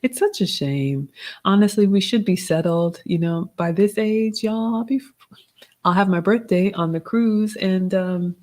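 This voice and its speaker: A woman's voice: medium pitch, unhurried, a little mellow. A Southern woman in her forties with a Southern accent, hosting a casual livestream Q&A, reading viewer comments aloud and giving polished, motherly advice. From American South. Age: 40s. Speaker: livestream host answering chat.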